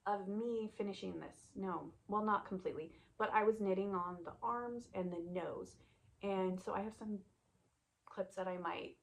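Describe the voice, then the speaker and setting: Chatty woman with a gravelly edge. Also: mid-range voice. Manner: chatty and rambling, trails off into soft asides. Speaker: knitting podcast host. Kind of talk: casual knitting vlog chat.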